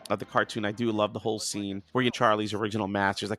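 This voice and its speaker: A hoarse man, a singer worn out from a week of performing, chatting animatedly and laughing often as a podcast guest. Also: on the low side, flat delivery, rapid-fire, fairly bright tone. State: hoarse after a heavy singing week. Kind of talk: casual chat.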